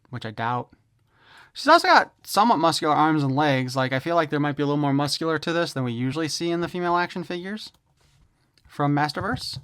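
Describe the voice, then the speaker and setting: A man with a fairly high, smooth and clear voice talks through a toy unboxing in a loose, chatty way. He is opinionated and wry and slips in jokes as he goes. The sound is close and dry, with no room echo. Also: fairly bright tone. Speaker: toy reviewer. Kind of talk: casual unboxing review.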